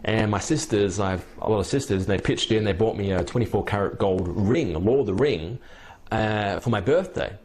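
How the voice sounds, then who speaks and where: A man's voice: on the low side, fairly quick, darkish tone. A young man coaching on dating, telling a long anecdote in a casual, rambling way with many restarts. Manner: rambling, with frequent restarts and repeated words. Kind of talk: casual storytelling and advice.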